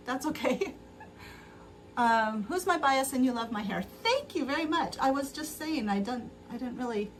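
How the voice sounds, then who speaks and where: Woman, livestream host, casual sewing chat, answers viewer comments, rambling, slow talk, a bit off-mic, faint background hum. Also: fairly high pitch, far from the mic. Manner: rambling, loses her thread.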